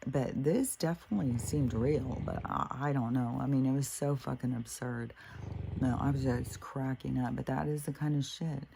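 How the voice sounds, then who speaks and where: A woman's voice: rumbling low, moderate pace, vocal fry, background noise. A woman talking in a casual, rambling monologue, laughing often and swearing freely. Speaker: spiritual vlogger.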